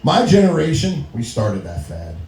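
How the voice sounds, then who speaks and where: Man, middle-aged, stand-up comic, lively up-and-down delivery, mellow tone, echoey club. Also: medium pitch, normal speed. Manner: storytelling with frequent laughs and acted-out quotes. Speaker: stand-up comedian. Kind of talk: stand-up comedy set. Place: small comedy venue. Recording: echoey room recording.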